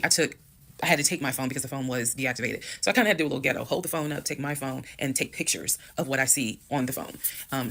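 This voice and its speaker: A woman tells a personal story to her followers in a calm, measured way, and her words are blunt. Her voice has a gravelly, fried texture. She talks quickly and doesn't pause much. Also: a bass voice. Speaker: storytime creator.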